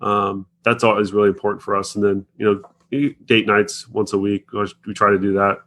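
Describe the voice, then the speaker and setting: A man's voice: lowish voice, little pitch movement, normal speed, a bit bright. A man talking as a podcast guest in casual chat, rambling and restarting his phrases.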